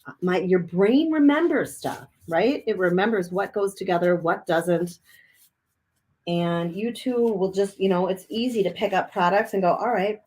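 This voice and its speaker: In a cold room above a garage, a female art instructor chats cheerfully through an art journaling demo, talking as she works while chewing a cough drop. Her voice sits at medium pitch, moves at a normal speed, and sounds a little mellow.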